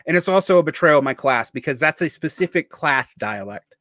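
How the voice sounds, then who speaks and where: A man's voice: a little high, lively intonation, fairly quick, fairly bright tone. A man of about forty, from the Southern United States, with a faint Southern accent and a speech impediment that blurs his r, l and w sounds, talking in a rambling, digressive vlog monologue full of restarts. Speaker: vlogger. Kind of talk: casual monologue.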